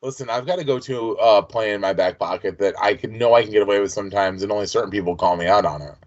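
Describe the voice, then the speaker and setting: A man's voice: on the low side, fast talker. A man co-hosting a podcast, chatting casually and telling long side stories. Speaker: podcast co-host. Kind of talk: casual chat. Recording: dull lo-fi sound.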